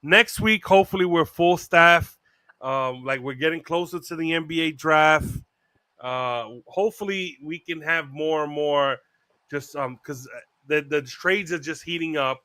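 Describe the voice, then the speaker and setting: A man's voice: on the high side, a little slow, bright, forceful tone, no room sound. A man hosting a sports podcast, laughing often and wrapping up the show with plugs and fillers. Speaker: podcast host. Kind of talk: casual sports banter, show sign-off.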